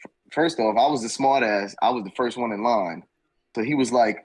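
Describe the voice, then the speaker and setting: Husky laid-back man telling stories. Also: mid-range voice, a little fast, low-quality recording. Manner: laid-back, joking, swears often. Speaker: podcast guest, army veteran. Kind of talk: casual chat, storytelling.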